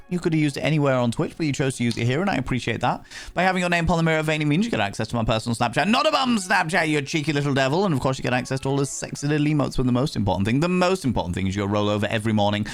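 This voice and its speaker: A man's voice: medium pitch, expressive, racing, few pauses. A man hosting a livestream, chatting casually with viewers in a playful, theatrical way with mock outrage. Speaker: livestream host.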